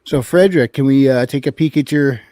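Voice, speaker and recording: A man's voice: medium pitch, mellow, no echo, clean studio sound. A man, a regular on the show, chatting casually and laughing easily. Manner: easygoing, quick to laugh. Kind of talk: casual group chat.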